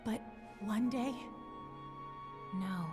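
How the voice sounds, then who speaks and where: A hushed, dreamlike mystery woman. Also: mid-range voice, extremely slow, over music. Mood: mysterious. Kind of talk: video game dialogue. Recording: reverberant game audio.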